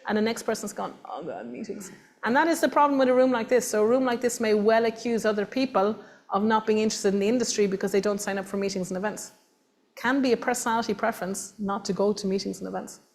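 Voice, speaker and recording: Irish woman, workshop presenter, mid-pitched, emphatic and animated delivery to a live room. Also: fast talker. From Ireland. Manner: animated, emphatic, acts out voices of others. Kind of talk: lively workshop talk to an audience. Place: meeting room with audience.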